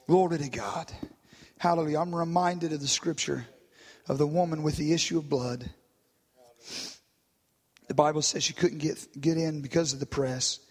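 A man preaching a sermon, dropping to quiet, low stretches and rising to shouted climaxes, with "hallelujah" and "glory to God" between lines. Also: fairly even intonation, moderate pace, pauses often. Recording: long reverb of a church hall.

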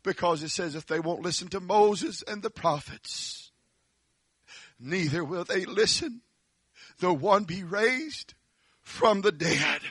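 A man preacher delivering a dramatic sermon that swings from hushed tones to shouts. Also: high-pitched, expressive, slow pace, slightly rough, no echo, clean studio sound.

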